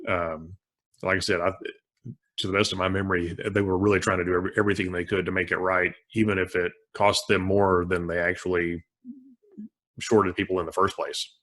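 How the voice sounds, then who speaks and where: A man being interviewed as a forensic accountant, answering casually with frequent pauses and restarts. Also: low voice, flat delivery, fairly bright tone. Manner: hesitant, many restarts and "uh"s.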